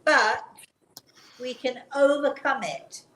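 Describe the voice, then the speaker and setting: A woman's voice: high voice, lively intonation, slow. Earnest woman host in a roomy space. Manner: earnest, gentle, with frequent restarts. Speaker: talk show host. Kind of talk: casual chat, personal storytelling. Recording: roomy sound with faint background noise.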